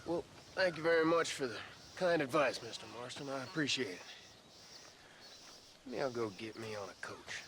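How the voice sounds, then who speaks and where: An actor playing a weary, folksy drifter heading west in a western video game. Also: male voice, mid-range voice, expressive, moderate pace, long pauses, fairly bright tone, slight background noise. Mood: wistful.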